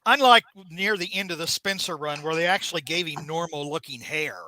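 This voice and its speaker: A man hosting a casual comic book review show, jokey and animated, acting out scenes as he recaps. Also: on the high side, brisk. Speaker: podcast host.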